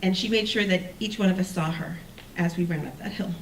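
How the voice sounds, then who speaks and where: A woman telling a personal story on stage, animated and self-mocking, acting out the people she quotes. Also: on the low side, fairly quick, creaky, slight background noise. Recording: roomy sound from a distant mic with faint ambience.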